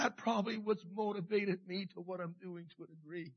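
A middle-aged man preaching a sermon with passion, dropping to a hush and rising again, repeating his phrases. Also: high-pitched, brisk, gravelly, hardly any pauses, slightly rough, lo-fi sound. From Canada. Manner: passionate, swings from hushed to loud, repeats phrases. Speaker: pastor.

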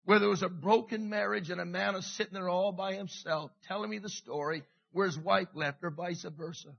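A middle-aged man preaching a sermon with passion, dropping to a hush and rising again, repeating his phrases. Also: high voice, steady tone, fairly quick, vocal fry, muffled recording. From Canada. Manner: passionate, swings from hushed to loud, repeats phrases. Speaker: pastor.

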